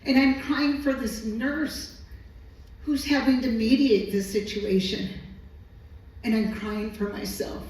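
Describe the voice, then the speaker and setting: Woman storyteller, medical interpreter, earnest and emotional, unhurried, distant mic in a reverberant hall. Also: on the high side, fairly even intonation, darkish tone. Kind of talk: live personal storytelling. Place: stage at a live storytelling evening.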